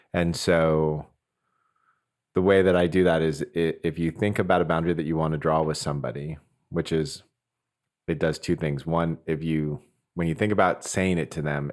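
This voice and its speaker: A man with an extremely deep voice hosts a podcast conversation. He talks earnestly and reflectively, working his ideas out aloud with small restarts as he goes. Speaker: podcast host.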